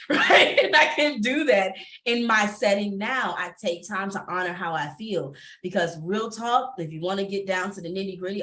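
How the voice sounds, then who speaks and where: A woman, talking candidly and emphatically as a panelist on a video call, often laughing. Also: medium pitch. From Atlanta area. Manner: animated, laughing, emphatic repetition. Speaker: panelist, entrepreneur and former teacher.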